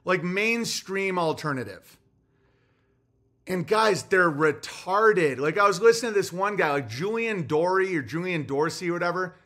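A man, a comedian, talking casually on his livestream, ranting with lots of swearing and swinging from loud bursts to low muttering. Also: lively intonation, moderate pace. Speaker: comedian streamer.

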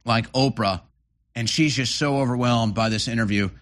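A man's voice: mid-range voice, normal speed, a bit bright. A man hosting political commentary, reacting to clips in a sarcastic, mocking way. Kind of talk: opinionated commentary over clips.

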